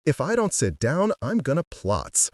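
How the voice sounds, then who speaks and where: A man's voice: a little high, huge pitch swings, unhurried, no echo, clean studio sound, voice pushed up, exaggerated voice. A man voicing a teasing, bossy teenage girl who hollers and jokes, in a storybook reading. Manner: loud, teasing.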